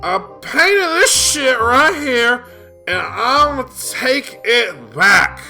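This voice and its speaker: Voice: medium pitch, very animated, takes it slowly, sharp tone, soft background music, exaggerated voice. A comedian voicing a crude, foul-mouthed male ghost painter who swears and blusters in a comedy sketch.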